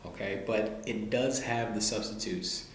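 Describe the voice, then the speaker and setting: A man talking casually to the camera as a vlogger, relaxed and loose, with lots of "you know" and "like". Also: lowish voice, a little slow. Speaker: vlogger reviewing cookbooks. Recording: very echoey room, faint noise.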